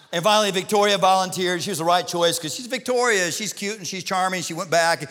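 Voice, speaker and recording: Male pastor, comic sermon storyteller, bright voice, long hall reverb. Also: high-pitched, quick pace. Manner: animated, comic storytelling with shouted punchlines.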